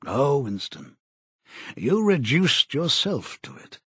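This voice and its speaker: A man voicing a cold, commanding male interrogator who speaks in a slow, measured, contemptuous way, with a husky voice. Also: mid-range voice, huge pitch swings, fairly bright tone, dry recording, heavily acted.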